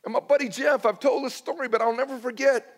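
A man's voice: very high-pitched, steady tone, quick pace. A middle-aged man preaching a sermon as a pastor, telling stories in a conversational, self-deprecating way and acting out his own past dialogue.

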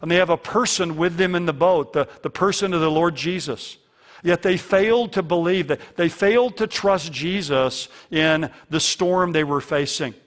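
A man's voice: on the high side, normal speed. A man preaching a sermon as a pastor, earnest and fond of repeating key lines for emphasis.

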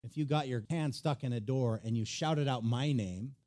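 A man's voice: mid-range voice, normal speed, darkish tone. A man preaching a sermon, explaining words in a conversational way with touches of humor.

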